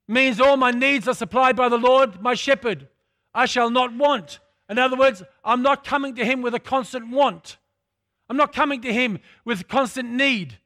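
A man's voice: very high voice, pushed and bright, no room sound, clean studio sound. A man preaching a sermon, repeating phrases for emphasis and calling out to his congregation.

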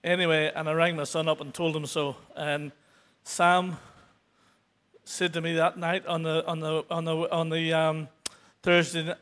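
Speaking unscripted at church, a congregant in his sixties shares his testimony in a level, fairly bright, higher-pitched voice. His delivery stumbles, full of fillers and restarts, yet stays earnest. Emotion builds as he nears the end.

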